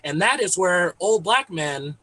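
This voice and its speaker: Doing a conversational stand-up routine, this Texas comedian in his thirties laughs at his own jokes and leans on fillers. His high, animated voice is unhurried with a sharp tone, and the recording is dry and rough.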